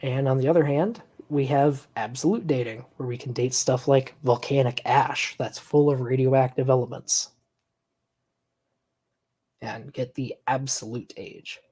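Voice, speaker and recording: A man hosting a live stream in a laid-back conversational way. He walks through explanations at an easy pace in a mid-pitched voice, often pausing to find his words. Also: breathy edge. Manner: relaxed, explanatory, sighs and laughs at the clip. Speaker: stream host. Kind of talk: casual reaction-stream chat.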